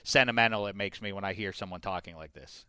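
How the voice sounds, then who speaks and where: Rambling, jokey sports radio host. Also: male voice, low voice, fast, bright, forceful tone, clear, resonant tone, no echo, clean studio sound. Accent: faint Pittsburgh. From Pittsburgh area. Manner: rambling, jokey, many restarts. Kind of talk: casual radio banter.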